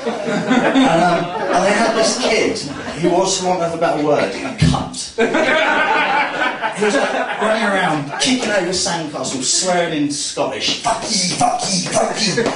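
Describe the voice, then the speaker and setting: A man's voice: sits high, expressive, unhurried. A man doing a stand-up comedy set, rambling and self-mocking, with lots of fillers. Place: comedy club stage before a laughing audience. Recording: echoey live club recording from far off with crowd laughter.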